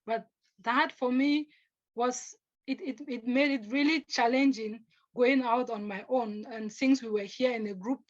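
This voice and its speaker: A young woman from Africa telling personal stories as a panelist, earnest and halting, often restarting her sentences and acting out what others said. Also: on the high side, fairly even intonation, dull audio. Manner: earnest, halting, with restarts, acts out quoted speech.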